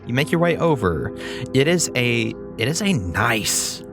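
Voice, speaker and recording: Man running a tabletop game, relaxed, halting, lively ups and downs. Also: medium pitch, creaky, over music. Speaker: game master.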